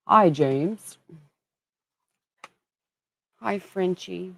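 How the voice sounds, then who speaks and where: Low-voiced woman chatting on a livestream. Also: expressive, takes it slowly, vocal fry, long pauses. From Kentucky. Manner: chatty, greets viewers by name while talking. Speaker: livestream host. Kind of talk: casual livestream chat.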